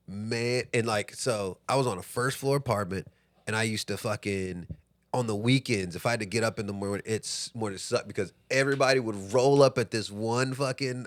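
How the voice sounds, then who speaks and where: A young man from Texas co-hosting a podcast, telling stories in casual chat, swearing freely and acting out the people in them. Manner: animated storyteller, swears freely, acts out quotes in a high voice. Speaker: podcast co-host.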